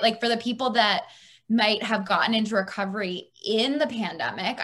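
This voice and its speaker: A woman's voice: medium pitch, a bit bright. A woman therapist speaking as a podcast guest, chatty and thinking aloud with many fillers. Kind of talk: casual interview chat.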